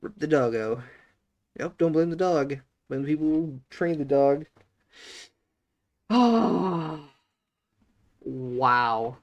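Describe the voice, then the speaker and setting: A man reacting to an anime episode in relaxed, chuckling chat. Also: a little high, takes it slowly, long pauses, muffled recording. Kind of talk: casual chat.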